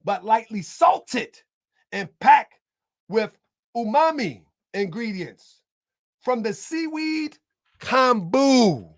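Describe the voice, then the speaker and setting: A man delivering a heated rebuttal monologue as an online commentator, combative and emphatic, repeating his points and bursting into shouts. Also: very high-pitched, sing-song, slow pace, pauses often, dry recording, studio quality.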